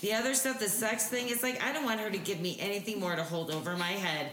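A woman co-host in casual chat, brash and profane, ranting loudly about her choices. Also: medium pitch, quick pace, a crowd in the background. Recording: echoey room, faint noise.

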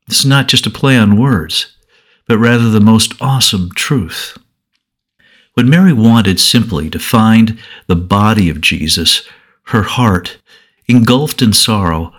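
Devotional storyteller, male, low voice, slow, earnest delivery with pauses. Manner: measured, earnest, dramatic pauses. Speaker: devotional speaker.

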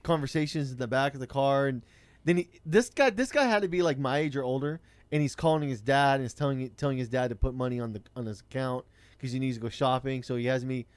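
A man's voice: medium pitch, fast talker, no echo. A man, telling a rideshare-driving story in blunt, profane casual chat.

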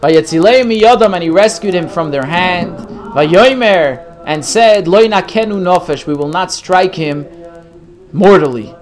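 Higher-voiced man teaching a text class. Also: unhurried, faint music behind. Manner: reads Hebrew phrases then translates them. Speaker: Torah teacher. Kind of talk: text study class, translating verse by verse.

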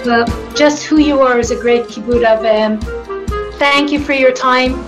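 A woman journalist leads the interview and speaks from the heart, offering blessings and using Hebrew phrases. Her voice is high. Faint music plays underneath. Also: steady tone, a little slow, poor audio. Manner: warm, blessing-giving, uses Hebrew phrases. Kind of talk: interview questions.

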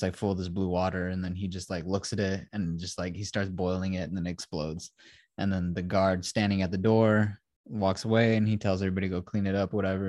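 A young man recapping a series in loose casual chat, stringing scenes together with endless "he's like" asides. His voice sits fairly low and the sound is dry and close, with no room around it. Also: darkish tone, no room sound. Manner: rambling retelling full of "he's like" asides. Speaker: podcast co-host reviewing a show.

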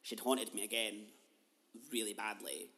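Young host, candid storyteller, emotional, drops from soft to loud, swears freely. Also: mid-range voice, little pitch movement, a little slow. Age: 20s. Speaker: podcast host. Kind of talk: personal storytelling monologue.

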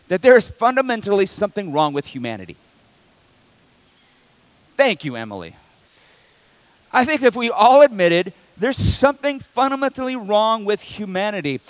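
A man preaching a sermon, telling a personal story in a dramatic, animated way with emphatic repetition. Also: high-pitched, no room sound. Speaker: pastor.

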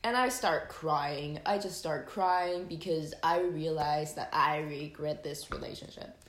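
A young woman hosting, telling a personal story casually, animated and full of fillers and swearing. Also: low voice, a little slow. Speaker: host. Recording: echoey room.

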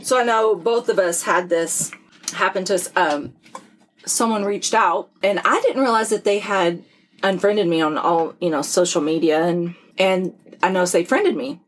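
A woman's voice: lowish voice, moderate pace, low-quality recording. A middle-aged woman co-hosting a casual chat, telling stories candidly and sarcastically, with some swearing. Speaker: podcast co-host.

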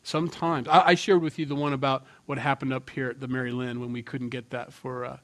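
A middle-aged male pastor preaching a sermon with emphatic bursts and quiet asides. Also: medium pitch, flat delivery, fairly quick. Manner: emphatic, swings from loud to hushed.

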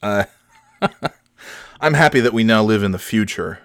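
A man's voice: on the low side, lively intonation, measured pace, fairly bright tone, no echo. A young man hosting a podcast, telling rambling, profane stories with self-deprecating humor on a studio mic. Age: young adult. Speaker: podcast host. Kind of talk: casual storytelling.

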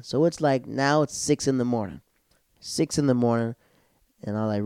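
A young man comedian telling a rambling, animated story and reviewing a show in a casual chat. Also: medium pitch, a little fast, clean tone, no room sound, studio quality. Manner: rambling, animated, acts out quotes. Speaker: comedian vlogger.

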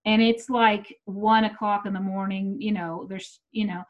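A woman's voice: medium pitch, fairly even intonation, a little slow, dull audio. A middle-aged woman chatting casually and telling blunt, profane stories. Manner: blunt, swearing storyteller. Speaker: comedian. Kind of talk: casual unedited chat.

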